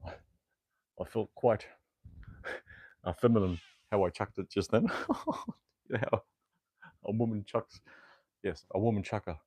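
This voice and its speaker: Exercising at home on a livestream, this Australian man chats casually and rambles with many fillers and a bit of mild cursing. He speaks at a fairly low pitch with fairly even intonation, a little slowly and with long pauses, in a darkish, breathy-edged tone. There's no echo, and his clip-on mic falls off at times.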